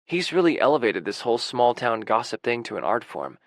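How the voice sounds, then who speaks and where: A man reading a first-person audiobook with a gravelly, creaky texture in a wry, gruff manner. The recording is dry and close, with no room sound. His pitch sits in an ordinary middle range. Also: very animated, fairly quick, no echo. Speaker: audiobook narrator.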